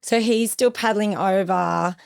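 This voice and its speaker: A woman's voice: mid-range voice, a little slow, vocal fry. A young woman recounting a personal ordeal as a podcast guest, with vivid retelling and acted-out quotes. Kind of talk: emotional personal storytelling.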